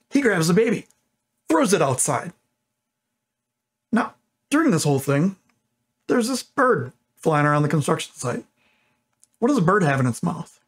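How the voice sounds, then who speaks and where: A man's voice: on the high side, fairly bright tone, slightly rough. A man in his twenties casually telling a long joke, rambling and correcting himself as he goes. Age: 20s. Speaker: YouTuber.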